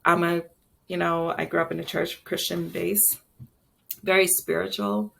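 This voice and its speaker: A chef and entrepreneur in her late forties, from Brooklyn and South Carolina, speaks as an interview guest in a low, heavily gravelly voice with vocal fry, level in tone, unhurried and a bit bright. Telling stories casually, she reflects candidly on her past, circling back with fillers and restarts.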